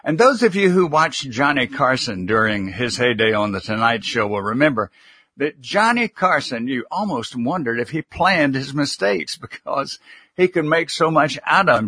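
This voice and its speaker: A man who works as a communication consultant, a guest on a live interview who gives advice in a measured, instructive way with light humor. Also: medium pitch, bright, forceful tone, breathy edge, no room sound, studio quality.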